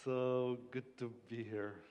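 Man, Polish accent, guest preacher, mid-pitched voice, halting and humorous, church with long reverb. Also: level tone, a little mellow. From Poland. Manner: humorous, self-deprecating, halting with restarts. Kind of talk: sermon. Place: church sanctuary.

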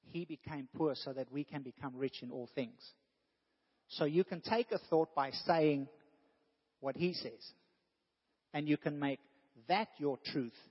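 A man's voice: on the high side, a little slow, pauses often, husky. A man preaching a sermon in an earnest way, rising now and then to emphatic bursts. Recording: dull sound with long hall reverb.

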